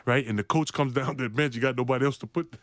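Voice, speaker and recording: A middle-aged man, a former pro basketball player, telling an animated, self-mocking anecdote. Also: mid-range voice, fast talker, dry recording. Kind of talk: anecdote storytelling.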